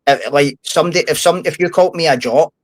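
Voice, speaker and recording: A man's voice: a little high, quick pace, no room sound, low-quality recording. Blunt, sweary Scottish man. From Scotland. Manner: blunt, sweary, heated storytelling. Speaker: podcast guest, former prisoner. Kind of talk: casual podcast chat.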